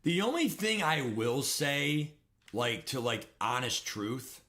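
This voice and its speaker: A man's voice: medium pitch, big pitch swings, slow pace, pushed and bright. A young man streaming a football video game, ranting and swearing in frustration as he plays. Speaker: gaming streamer. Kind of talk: live game commentary rant.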